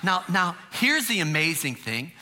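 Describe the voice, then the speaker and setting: A man's voice: sits high, sing-song, unhurried, bright, forceful tone, faint music behind. A middle-aged man preaching a sermon as pastor, conversational and humorous, with frequent rhetorical questions.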